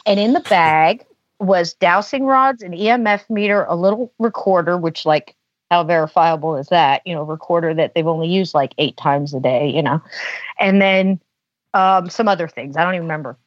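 A woman's voice: on the low side, normal speed, no echo. Chatty woman telling a story, dull sound. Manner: chatty, lots of filler "you know". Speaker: podcast guest. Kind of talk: casual storytelling.

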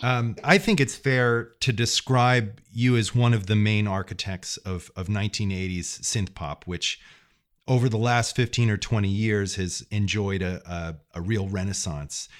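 Low-voiced male interviewer. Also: fairly even intonation, measured pace. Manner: articulate, long framed questions. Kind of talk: interview questions.

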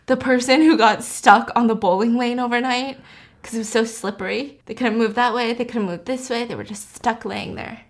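Young woman podcaster, high voice, goofy chatty movie recap, swears a lot. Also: steady tone, moderate pace. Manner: chatty, joking, swears, laughs often. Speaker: podcast host. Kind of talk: casual chat recapping a movie.

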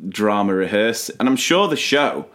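A man in his forties co-hosts a podcast in relaxed, casual chat. His pitch moves up and down a lot as he reminisces. He laughs often between his points. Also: moderate pace. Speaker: podcast co-host.

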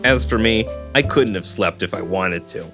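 Low-voiced man reading a story aloud. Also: normal speed. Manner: steady first-person narration, dry asides. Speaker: podcast host reading a novel aloud. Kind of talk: storybook reading with casual commentary. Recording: guitar music under the voice.

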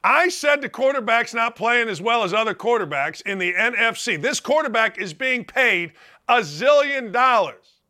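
Bright, animated ranting sports host. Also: male voice, very high voice, moderate pace. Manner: loud, ranting and emphatic. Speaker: sports talk radio host. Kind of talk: opinionated sports talk monologue.

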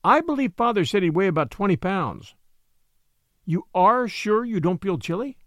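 A man's voice: sits high, lively intonation, normal speed, no room sound, voice pushed up. A busy, caring country mother, as a male narrator plays her, fussing over her child in plain homely speech in a storybook reading. Her voice rises and falls expressively. The sound is close and dry. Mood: concerned.

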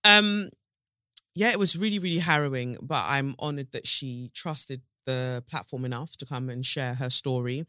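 A woman hosting a solo podcast, chatting frankly and animatedly, swearing freely and swooping up in pitch. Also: sharp tone, dry recording, studio quality. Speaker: podcast host.

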